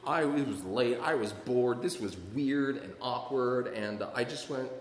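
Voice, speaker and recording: A man's voice: mid-range voice, a little slow, hardly any pauses, a little hiss or hum. A man sharing his recovery story with an audience, rambling and self-mocking, with many fillers. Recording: echoey hall from a distance.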